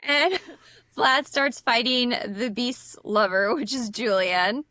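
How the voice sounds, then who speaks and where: A woman's voice: on the high side, slow, bright, forceful tone, no room sound. A woman co-hosting a podcast, retelling film scenes in a laid-back way. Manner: laid-back, laughs through her retelling. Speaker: podcast co-host. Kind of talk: casual movie recap chat.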